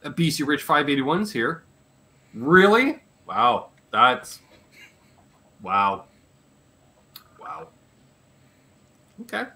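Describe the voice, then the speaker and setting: A playful Canadian man runs a live chat show and rattles through a roll call of viewer names. His voice sits fairly high and swings all over, with a bright edge. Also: sing-song, extremely slow, long pauses. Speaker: podcast host.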